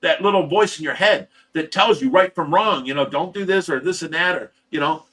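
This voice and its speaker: Briskly recounting his story, a middle-aged livestream host from Ohio speaks with a rather high, bright, forceful voice. The casual stream finds him candid and rambling, often breaking off to restart a sentence.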